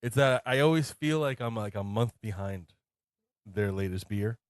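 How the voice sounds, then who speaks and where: A man's voice: on the low side, animated, normal speed, no echo, clean studio sound. A man co-hosting a casual beer-tasting podcast, rambling and filling his talk with "uh" and "like". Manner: rambling, full of fillers. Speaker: podcast co-host.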